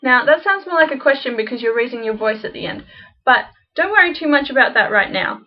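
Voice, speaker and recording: A woman teaching a casual beginner language lesson, chatty, slowly repeating example phrases. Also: high-pitched, expressive, muffled recording.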